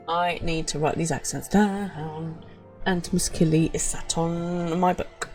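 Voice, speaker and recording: A woman's voice: on the low side, steady tone, takes it slowly, a little mellow, faint music behind. A woman from Britain chatting casually as a game streamer, self-mocking and chatty. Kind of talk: casual live-stream chat.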